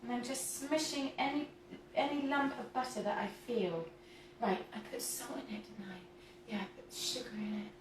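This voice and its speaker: Chatty high-voiced woman baking. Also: normal speed, hardly any pauses, noisy background. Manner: chatty, giggly, reads viewer comments aloud. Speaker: host of a home cooking livestream. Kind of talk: casual livestream chat while baking. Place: home kitchen, indoors. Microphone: camera mic at a distance. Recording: roomy kitchen from a distant mic.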